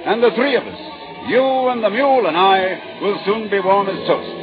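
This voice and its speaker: A man voicing a merry, hearty monk who talks loudly and jovially in a told story. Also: high voice, lively intonation, moderate pace, phone-quality sound, music in the background, voice pushed up. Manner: jovial and loud.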